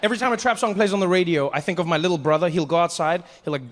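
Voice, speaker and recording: A man's voice: high voice, rapid-fire. A man doing stand-up comedy, telling stories in a loose, conversational way. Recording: echoey hall with live noise.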